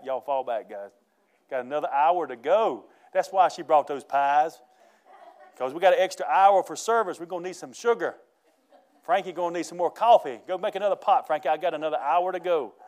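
A man preaching a lively, folksy sermon, laughing as he goes. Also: on the high side. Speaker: pastor.

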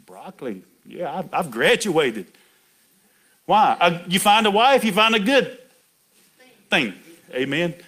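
A man's voice: fairly high pitch, fairly bright tone. A middle-aged man preaching a folksy sermon, chatty and laughing, calling out to people in the pews by name.

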